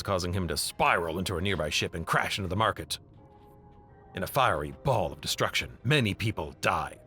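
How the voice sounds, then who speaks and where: A man's voice: on the low side, pushed and bright. A man streaming a video game. He reads the game text aloud and jokes about it in casual commentary.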